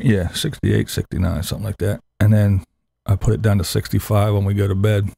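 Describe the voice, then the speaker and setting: Man hosting a morning live stream, low gravelly voice, husky, casual crude chatter. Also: little pitch movement, fairly quick, dark tone, no echo, studio quality. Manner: laid-back, crude, chatting to viewers in chat.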